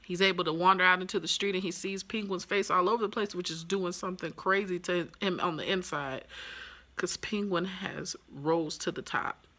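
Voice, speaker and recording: Bright-voiced chatty woman reviewer. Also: on the low side, normal speed. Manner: enthusiastic, chatty, animated asides. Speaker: TV episode reviewer. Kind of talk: casual video review.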